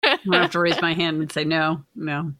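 A woman's voice: sits low, flat delivery, fairly quick, fairly bright tone, dry recording, studio quality. A woman from the United States co-hosting a casual comedy podcast, teasing and sarcastic, swearing freely. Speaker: podcast co-host.

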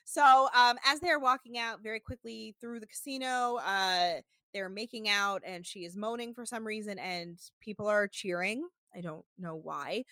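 A woman rambles through a casual podcast recap and swears freely. Her voice sits at a middle pitch. The recording is dry and close. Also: normal speed, hardly any pauses, bright, forceful tone, no room sound. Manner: rambling, swears freely, quotes people in bursts. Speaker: podcast host recapping a reality show.

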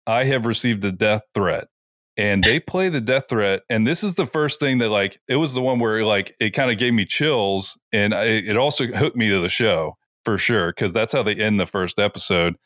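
A man's voice: on the low side, normal speed, few pauses, dry recording, clean studio sound. A man co-hosting a podcast, casually retelling an episode with lots of "like" and filler. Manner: animated retelling with frequent "like". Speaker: podcast co-host. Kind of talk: casual chat.

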